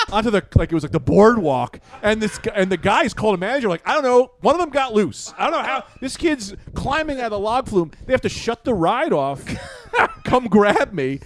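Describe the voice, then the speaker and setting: Lively animated young man chatting. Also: high-pitched. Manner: laughing, animated storyteller acting out his younger self. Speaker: podcast co-host. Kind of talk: casual storytelling chat.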